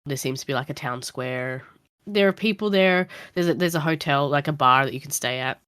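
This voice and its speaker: A woman game master narrates a tabletop game in a casual, rambling manner. Her voice sits low, and the recording is dry and close with no room sound. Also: a little fast, a bit bright, smooth, dry recording.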